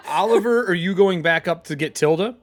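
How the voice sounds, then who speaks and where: A man's voice: sits high, fairly quick. A man running a tabletop game as game master, narrating casually, swearing freely and laughing as he talks.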